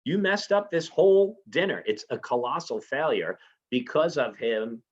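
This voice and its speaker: A man's voice: medium pitch, animated, moderate pace. A man teaching a literature lesson in an informal way, often checking in with his listeners by asking "right?". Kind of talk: recorded literature lecture. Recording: slightly muffled lo-fi recording.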